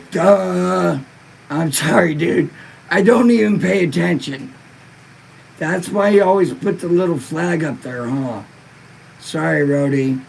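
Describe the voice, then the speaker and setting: A man's voice: on the high side, a little slow, creaky, slight background noise, rough recording. A laid-back man hosting a live-stream podcast, stoned and in pain, reading viewer comments in a rambling, profane way. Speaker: livestream podcast host.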